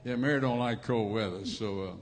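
A visiting preacher from Louisiana's Cajun country gives a sermon from the pulpit of a church sanctuary in a Cajun accent. He talks fairly quickly at a middle pitch, folksy and joking, and often repeats himself. The church microphone picks up a long, reverberant hall echo.

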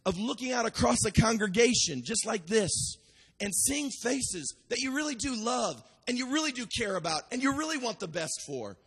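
A man preaching a sermon as pastor, building to shouted cries and repeating phrases with restarts. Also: very high voice, breathy edge, big-room sound.

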